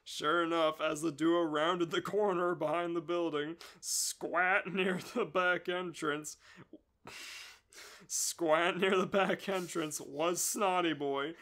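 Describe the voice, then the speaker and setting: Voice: medium pitch, fairly bright tone. A storyteller reading a comedic story aloud, often breaking into laughter. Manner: giggly, reads slowly.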